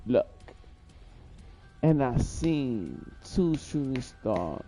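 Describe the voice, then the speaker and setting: A man's voice: medium pitch, lively intonation, slow, mellow, faint music behind. A man on a livestream telling a rambling story, repeating himself and swearing heavily. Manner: profane, repetitive, rambling. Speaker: livestream host.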